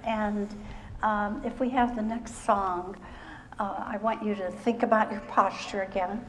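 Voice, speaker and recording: Slow, encouraging woman leading an exercise routine. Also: medium pitch. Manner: encouraging, gives short calm step-by-step cues. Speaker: fitness instructor. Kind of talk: guiding a seated exercise routine on a live stage show. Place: stage at a live library show. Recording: music playing under the voice. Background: background music.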